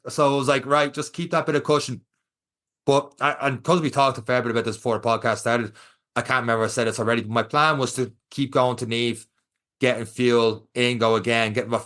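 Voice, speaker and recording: Animated Irish man telling a story. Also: medium pitch. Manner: animated storyteller, acts out quotes. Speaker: podcast co-host. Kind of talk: casual chat.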